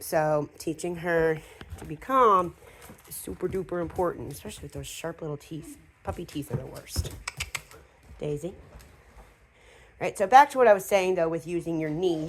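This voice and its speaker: A woman dog trainer talking casually through a hands-on training demonstration, with fillers and quick asides to the dog. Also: sits low, slight background noise.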